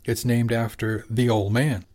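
A man's voice: mid-range voice, little pitch movement, measured pace, a little mellow, lightly acted. Middle-aged fishing skipper, easygoing, plain-spoken, audiobook, male reader.

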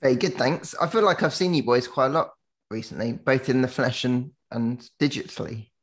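A man's voice: medium pitch, brisk. A man co-hosting a podcast in casual chat, dry and teasing. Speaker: podcast co-host.

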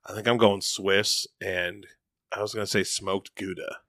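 Low-voiced young man, goofy podcast chat. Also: level tone, unhurried, pushed and bright, dry recording, studio quality. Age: young adult. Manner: goofy, musing, laughs easily. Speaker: podcast co-host. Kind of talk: casual chat.

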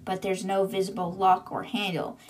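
A woman hosting a book podcast, retelling chapters in a loose, conversational way. She laughs often and drops sarcastic asides. Her voice sits at an ordinary middle pitch. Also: flat delivery, normal speed. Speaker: podcast host. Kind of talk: casual book recap.

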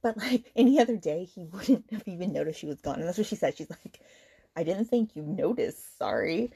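Woman, low-pitched, dark husky voice, heated casual book rant, swearing, filler-heavy. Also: expressive, brisk. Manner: heated, exasperated retelling with swearing; many fillers like "like" and "okay". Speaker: book podcast host.

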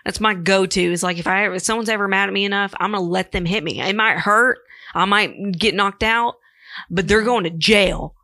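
Gravelly, blunt woman podcast co-host. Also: medium pitch, normal speed, sharp tone, dry recording, clean studio sound. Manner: blunt, emphatic. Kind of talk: casual chat.

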